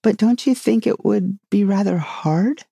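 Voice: medium pitch, measured pace, creaky, warm tone, husky, dry recording, studio quality, pitched above the performer's own voice. A reader voicing a polite, curious young girl in a storybook reading, raising the voice for her exclaiming lines.

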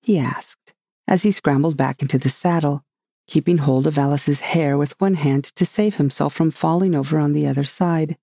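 Storybook narrator, calm, even, mellow timbre, dry close recording. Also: mid-range voice, moderate pace, creaky, no echo. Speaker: audiobook reader.

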